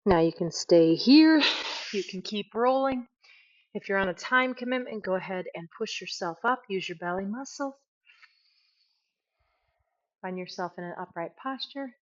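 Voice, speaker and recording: A woman leads a yoga session, giving relaxed cues as she moves and poking fun at her own slips. Her voice sits at an ordinary middle pitch. The recording sounds dull and slightly muffled. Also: moderate pace, long pauses. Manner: casual, self-deprecating, talks while moving. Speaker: yoga teacher. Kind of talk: guided yoga instruction.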